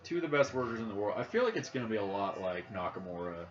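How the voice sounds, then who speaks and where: This podcast co-host is a young Midwestern man whose fairly low voice comes out fast and very animated. Playing a video game during a casual chat, he jokes, wanders off on tangents and thinks out loud, all captured on dull lo-fi audio with faint noise behind him.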